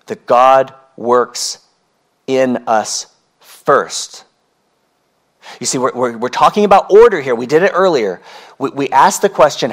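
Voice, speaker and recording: A man preaching a sermon as pastor, earnest and emphatic, repeating key phrases and swinging between slow, drawn-out words and quick runs. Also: fairly high pitch.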